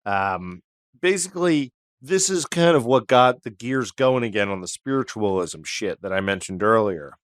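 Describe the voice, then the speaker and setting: A man's voice: lowish voice, expressive, moderate pace, fairly bright tone, no room sound, studio quality. A man co-hosting a comedy history podcast, telling the story in a rambling, jokey way with asides. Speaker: podcast co-host.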